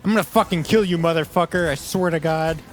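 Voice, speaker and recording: A man giving casual let's play commentary on a game he is playing, excitable, laughing often, swearing and yelling at the screen. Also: on the high side, fast talker, soft background music. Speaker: gaming video creator.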